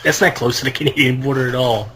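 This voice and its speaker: A man's voice: medium pitch, fairly even intonation, fast, a bit bright. A man co-hosting a podcast, arguing his point insistently. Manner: argumentative, insistent. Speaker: podcast co-host. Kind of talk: casual podcast banter.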